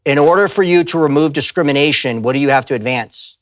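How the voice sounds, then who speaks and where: A man's voice: on the high side, quick pace, dry recording. A man giving a live talk in a church, speaking emphatically and telling stories with quoted voices. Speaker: pastor and speaker. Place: church sanctuary.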